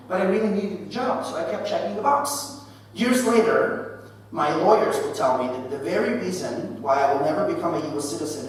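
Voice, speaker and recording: Keynote speaker, man in his thirties, animated storyteller, high-pitched, heard from far off in a large hall. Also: a little hiss or hum. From Philippines. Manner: animated storytelling with frequent "right?". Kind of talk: keynote speech.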